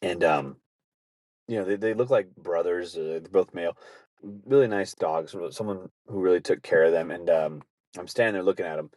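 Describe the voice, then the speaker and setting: A podcast host telling casual, rambling stories with lots of swearing and frequent laughter. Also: male voice, low-pitched, moderate pace, darkish tone, no echo. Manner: profane, rambling, laughing often. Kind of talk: casual storytelling.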